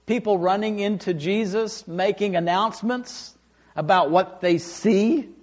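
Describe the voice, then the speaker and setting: A man preaching a sermon, reading scripture aloud and explaining it with emphatic, animated delivery. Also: high voice, a little slow. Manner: animated, rising and falling for emphasis, acts out quoted lines.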